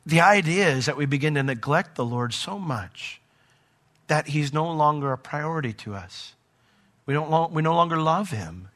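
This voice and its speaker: A male pastor delivers a sermon in a conversational, storytelling way. His voice sits a bit high and rings bright and forceful. He reads scripture aloud and briefly acts out quoted voices as he goes. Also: animated, normal speed. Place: church.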